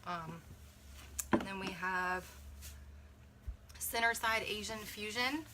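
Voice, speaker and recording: A woman's voice: lowish voice, pushed and bright, slight background noise. A young woman, a mother, chatting casually through a beauty kit unboxing, thinking aloud and correcting herself as she reads viewer comments.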